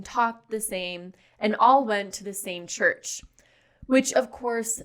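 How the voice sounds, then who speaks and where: Woman podcast co-host, casual commentary, chatty, mid pitch, close mic. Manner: chatty, laughs often, reads notes. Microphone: studio podcast mic.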